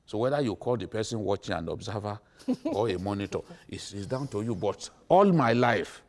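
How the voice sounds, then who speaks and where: A man's voice: on the low side, expressive, normal speed. A middle-aged man with a Nigerian accent, arguing emphatically and repeating his points on a TV studio panel. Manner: emphatic, repetitive, lecturing.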